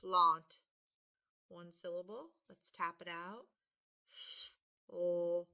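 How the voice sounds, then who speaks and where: A woman teaching a spelling lesson, patiently sounding words out and stressing each one loudly. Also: fairly low pitch, slow pace, gravelly. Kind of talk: slow, deliberate spelling lesson. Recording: dull lo-fi recording.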